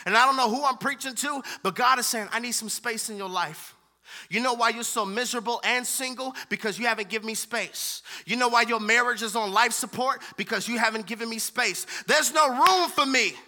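High, bright-voiced preaching man. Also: fairly quick, hardly any pauses. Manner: impassioned preaching, rhythmic repetition, voices God's words. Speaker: pastor. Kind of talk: sermon.

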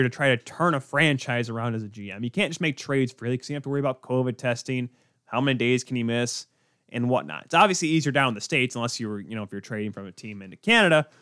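A man's voice: medium pitch, a bit bright, dry recording, studio quality. A young man hosting a solo sports podcast, ranting in exasperation and firing off rhetorical questions. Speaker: podcast host.

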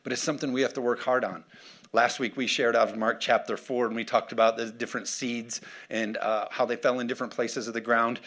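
In a conversational sermon, a male pastor with a medium-pitched, fairly bright voice repeatedly checks in with his congregation and asks them to respond.

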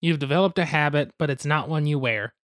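A man's voice: on the high side, fairly quick, fairly bright tone, dry recording, clean studio sound. Young man explaining game rules casually. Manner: goofy asides, hedging, explains rules step by step. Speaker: podcast host explaining board games.

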